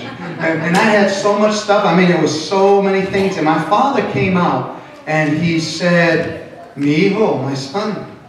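High-voiced pastor in an echoey church. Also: male voice. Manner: animated, switches into Spanish, acts out quotes. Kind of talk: sermon. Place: church sanctuary. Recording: very echoey hall, distant mic.

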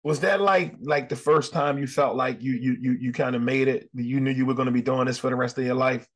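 A man hosting a casual interview, asking questions and adding brief relaxed comments. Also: medium pitch, fairly quick. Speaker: interview host.

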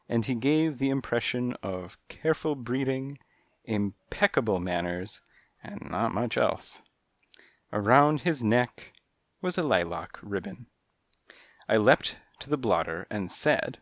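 A man's voice: on the low side, dry recording, clean studio sound. A man reading a children's mystery aloud in first person, with a rhythmic, lilting storytelling delivery. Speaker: audiobook narrator. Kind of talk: first-person audiobook narration.

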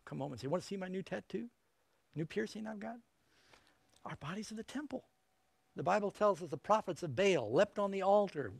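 Middle-aged preacher, male, fairly high voice, folksy and emphatic, dry close mic. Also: no echo. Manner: folksy, joking asides, emphatic. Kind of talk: evangelistic sermon.

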